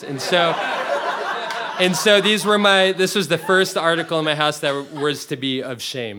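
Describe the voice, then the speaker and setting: A man's voice: on the high side, pushed and bright. A young man telling a comic personal story to a live audience, rambling and restarting as he laughs through it. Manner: rambling, self-interrupting, laughing often. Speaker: storyteller on stage.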